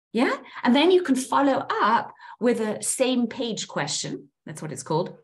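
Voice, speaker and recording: A woman's voice: fairly high pitch, very animated, unhurried, few pauses. A woman coaching a group on listening skills, animatedly acting out example phrases. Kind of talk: teaching a group session on listening.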